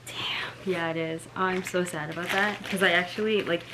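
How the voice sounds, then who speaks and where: A woman's voice: fairly low pitch, fairly even intonation, moderate pace, background noise. A young woman filming a casual book unboxing vlog at home, sounding let down, with lots of "like" and "oh my gosh". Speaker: book vlogger.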